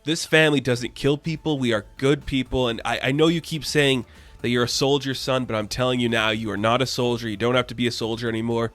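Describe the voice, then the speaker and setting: A man's voice: mid-range voice, steady tone, fast talker, a bit bright, natural voice. A man voicing a protective father figure talking earnestly to his adopted son. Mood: firm. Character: gruff stern adult father figure, protective.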